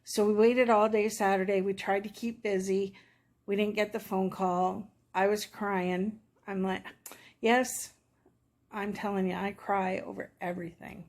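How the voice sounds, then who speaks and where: A woman's voice: medium pitch, level tone, unhurried, darkish tone. A middle-aged woman chatting to her viewers, telling a personal story in a rambling, emotional way and acting out what people said. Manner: chatty, rambling, emotional, acts out quoted dialogue. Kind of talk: casual storytelling to camera.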